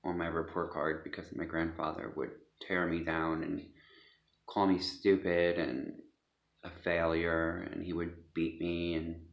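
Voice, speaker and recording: A man giving a personal testimony, speaking hesitantly with many pauses and fillers, recorded in an echoey, dull room. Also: low voice, completely flat delivery, gravelly. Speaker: speaker sharing a personal story.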